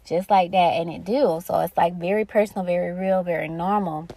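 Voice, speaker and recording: A woman's voice: lowish voice, steady tone, a little fast, vocal fry, warm tone, no room sound. A woman hosting a spiritual podcast, talking casually and directly to her listeners with plenty of slang. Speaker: podcast host.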